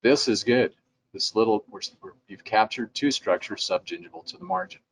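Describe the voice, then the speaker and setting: A middle-aged man with a fairly low voice gives an instructional talk in a relaxed, conversational way. His delivery is practical and direct, and now and then he slips into quoted replies. A faint ambient hiss sits behind him. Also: moderate pace. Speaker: dental lab president giving a training talk. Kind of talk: instructional presentation.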